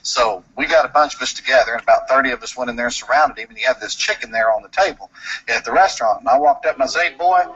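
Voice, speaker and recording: Male storyteller, lively and chuckling, muffled lo-fi video audio. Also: mid-range voice, very fast, husky. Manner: animated, chuckling, acts out other voices. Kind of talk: humorous story told to a live audience. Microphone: played through a video call. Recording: distant muffled noisy video playback.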